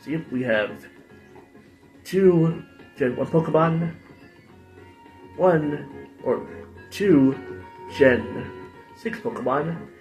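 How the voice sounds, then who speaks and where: Guy rambling casually over his game playthrough, jokey, pokes fun at himself, soft music behind. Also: fairly high pitch, lively intonation, drawn-out words, pauses often. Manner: rambling, jokey, self-deprecating. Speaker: gaming channel host.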